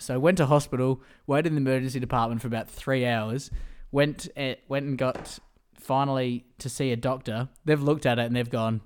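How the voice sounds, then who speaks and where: Young aussie bloke yarning on a podcast, laughs a lot. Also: male voice, medium pitch, fairly even intonation, a little fast, hardly any pauses, clear, resonant tone. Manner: chatty storyteller, laughs often. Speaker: podcast co-host. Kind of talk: casual podcast chat.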